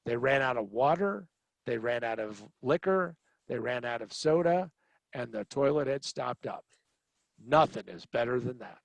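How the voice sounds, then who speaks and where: A middle-aged man hosting a podcast, telling a travel story in an animated, wry and sarcastic way. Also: medium pitch, moderate pace, gravelly, dry recording. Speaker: podcast host. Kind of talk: storytelling anecdote.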